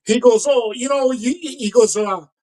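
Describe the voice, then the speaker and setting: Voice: mid-range voice, a little slow, rough recording. A podcast co-host chatting casually, retelling film scenes with lots of acted-out lines and laughter. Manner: animated storyteller, acts out film scenes, laughs often. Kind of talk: casual chat.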